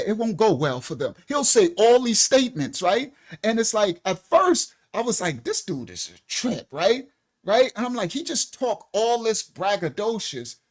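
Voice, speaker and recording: A man hosting a ministry channel, teaching viewers in a casual, colloquial monologue and often asking "right?". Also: high-pitched. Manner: animated, repeats "right?" and "listen clearly", colloquial.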